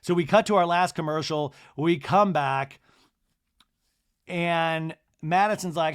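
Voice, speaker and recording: Gossipy, animated male podcast host. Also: fairly high pitch, smooth. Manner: gossipy, animated storytelling with quick asides. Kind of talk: solo reality TV recap.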